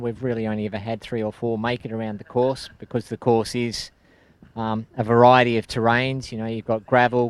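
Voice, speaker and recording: A man describing his local run course in an interview, steady and halting. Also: medium pitch, smooth. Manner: steady, hesitant with fillers. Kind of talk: interview answers.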